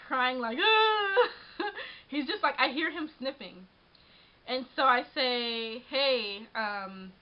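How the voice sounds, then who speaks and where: A young woman in her twenties telling a personal story in a casual vlog, rambling with many restarts, recorded on a camera mic at home. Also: high voice. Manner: rambling, frequent restarts and "like", shaken but laughing. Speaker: vlogger. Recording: dull lo-fi webcam audio.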